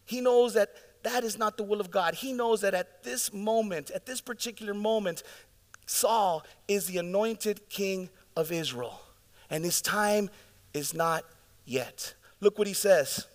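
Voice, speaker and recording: A man preaching a sermon as pastor, telling the story in a lively, casual way and acting out the scenes. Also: high voice, unhurried. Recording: long reverb of a large hall.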